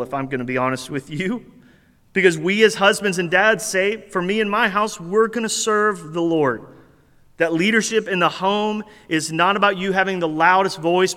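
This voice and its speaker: A man's voice: sits high, bright, forceful tone, long reverb tail. A man preaching a sermon as pastor, talking in a conversational, earnest and self-deprecating way.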